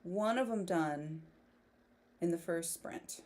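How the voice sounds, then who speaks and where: A woman's voice: on the low side, slow pace, a little mellow, a little hiss or hum. A woman hosting a casual writing livestream, chatting, laughing often and reading viewer comments aloud. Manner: giggly, reads chat aloud. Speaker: livestream host.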